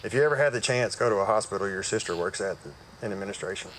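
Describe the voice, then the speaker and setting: A man's voice: on the low side, very fast, a bit bright, a little hiss or hum, poor audio. A man gives a personal church testimony outdoors. He tells it in a folksy, conversational way with frequent fillers. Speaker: church member giving testimony. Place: outdoor worship service.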